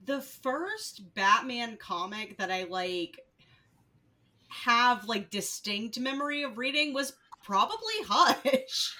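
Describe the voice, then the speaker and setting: A woman with a bright, clear voice chats on a podcast, giggling often. Her talk is easy and friendly. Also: fairly high pitch, sing-song, takes it slowly. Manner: giggly, chatty. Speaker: podcast co-host. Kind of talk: casual chat.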